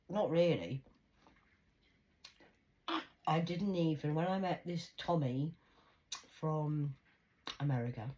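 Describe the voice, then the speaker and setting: A woman speaking intensely and emphatically to her viewers, swinging between loud outbursts and hushed asides. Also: deep voice, slow pace, long pauses, rough recording. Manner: confiding, addresses viewers directly. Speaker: vlogger. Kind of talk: emotional personal monologue to camera.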